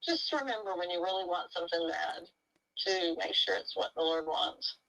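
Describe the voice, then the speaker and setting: A woman talks in a casual, animated way, running through a long story and acting out what people said. Her voice sits fairly low, with a gravelly edge and a bright, forward tone. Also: moderate pace, rough recording. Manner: animated storytelling, acts out quotes. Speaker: interviewee. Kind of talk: casual recorded conversation.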